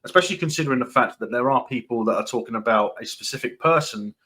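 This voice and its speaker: A man talking casually on his own commentary channel, in a voice of ordinary middle pitch. He rambles with lots of ums and restarts, breaks in with short dry laughs, and is dismissive and repetitive as he hammers his points. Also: fast talker, pushed and bright. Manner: dismissive, repeats points for emphasis. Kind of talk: casual opinion commentary, reading news excerpts.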